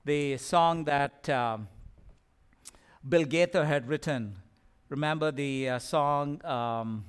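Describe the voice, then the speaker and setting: Man preaching a sermon, high smooth voice. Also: slow pace. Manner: earnest, repeats phrases for emphasis, stumbles at times. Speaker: pastor.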